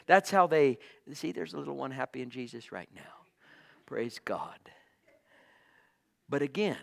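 A man preaching a sermon with great passion, swinging from loud cries to hushed whispers. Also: fairly high pitch, gravelly. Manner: impassioned, swings from shouting to whispers.

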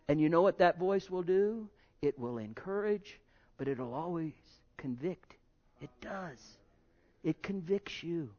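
A man pastor preaching a sermon to his congregation, swinging between loud exhortation and hushed, intimate tones. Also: fairly high pitch, lively intonation, a little slow, highs cut off.

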